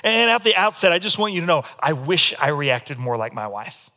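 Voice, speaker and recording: A man preaching a sermon as pastor, telling stories in a demonstrative, animated way. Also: on the high side, normal speed.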